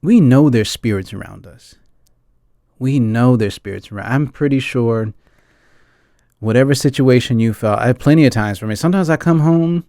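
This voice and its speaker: Mellow-voiced man in earnest rambling chat. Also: mid-range voice, moderate pace, no echo, studio quality. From United States. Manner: earnest and rambling, keeps asking the audience "right?" and "guys". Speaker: film discussion host. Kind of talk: casual reflective chat.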